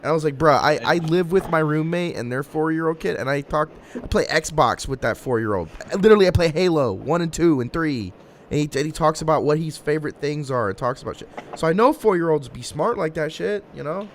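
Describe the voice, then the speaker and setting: A man's voice: on the high side, animated, a little fast, slight background noise. Rambling, cursing young man venting. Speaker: streamer. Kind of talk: casual voice chat.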